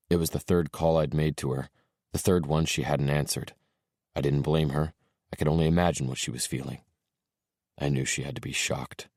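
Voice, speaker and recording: A man narrating an audiobook in a soft, subdued way, dropping his voice low for tender moments. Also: fairly even intonation, normal speed, no room sound, clean studio sound.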